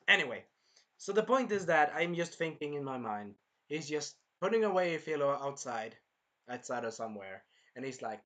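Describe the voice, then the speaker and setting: A man giving a casual anime review in an excitable, rambling way, swearing often. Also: fairly high pitch, moderate pace.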